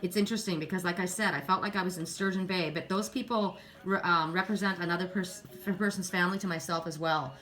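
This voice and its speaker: A woman doing a casual spiritual card reading. She often repeats words, clears her throat and rises in pitch when excited. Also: quick pace, hardly any pauses, soft background music. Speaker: oracle card reader.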